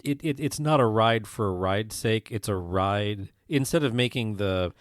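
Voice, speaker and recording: A man co-hosting a podcast, chatting casually and stumbling through excited restarts as he tells a story. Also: on the low side, moderate pace, smooth, no room sound, clean studio sound. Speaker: podcast co-host. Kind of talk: casual chat.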